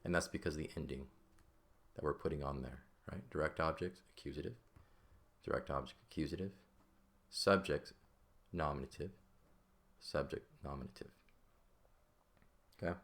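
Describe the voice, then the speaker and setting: A man's voice: extremely low pitch, moderate pace, long pauses, fairly bright tone. A man teaching a classical Greek grammar lesson, explaining step by step and often checking in with "right?". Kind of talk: classroom lecture.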